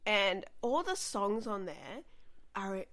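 A young woman talks casually as a podcast guest. Her pitch swoops widely as she tells stories. She acts out her own reactions and laughs often. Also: sing-song, takes it slowly, fairly bright tone. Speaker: comedian guest.

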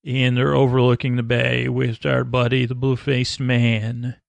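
A man with a gravelly voice rambles through a scene-by-scene recap, stalling on "uh" and restarting words. He is recorded close up on a very dry mic, with no room sound. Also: medium pitch, completely flat delivery, no echo. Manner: halting, many "uh" fillers and restarts. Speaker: podcast host recapping a TV episode.

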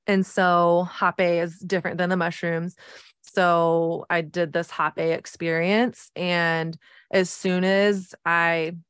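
A woman's voice: lowish voice, level tone, takes it slowly, a bit bright, clean tone, no echo, clean studio sound. A woman in her thirties hosting a podcast, telling a personal story in an earnest, reflective way with many "like" fillers. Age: 30s. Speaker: podcast host.

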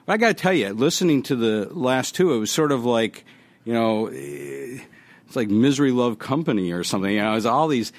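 Animated man speaking on a panel. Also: mid-range voice, fairly quick. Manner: animated, joking storyteller. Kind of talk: conference panel talk.

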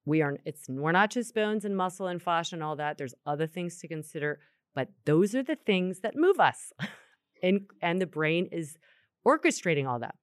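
A woman co-hosting a yoga talk, explaining anatomy in a chatty, animated way. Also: fairly low pitch, moderate pace, clean tone, no room sound, clean studio sound. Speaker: yoga co-host answering questions. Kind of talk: casual podcast chat.

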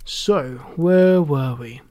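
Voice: medium pitch, drawn-out words, warm tone. A reader doing a friendly male storyteller host. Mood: hospitable. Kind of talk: storybook read-aloud.

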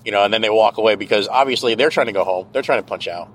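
A man's voice: fairly low pitch, rapid-fire, a bit bright, a little hiss or hum, poor audio. Profane ranting man. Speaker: podcast host. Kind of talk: casual rambling monologue. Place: car, driving.

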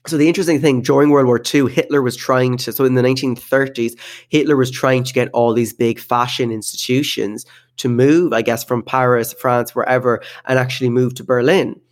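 Man, podcast co-host, casual chat, mid pitch, filler-heavy. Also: fairly even intonation, a little fast. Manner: chatty, laughs often, many fillers.

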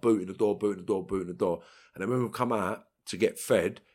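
A man's voice: lowish voice, fairly even intonation, quick pace. A man with a London accent, talking bluntly and streetwise in an interview, with bursts of swearing. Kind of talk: storytelling interview.

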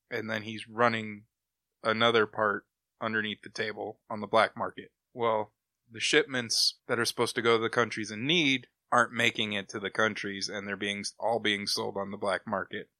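A man's voice: lowish voice, bright, forceful tone, no echo. A man hosting a comic book podcast, casually retelling plots in a rambling, enthusiastic way. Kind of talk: casual chat, recapping comics.

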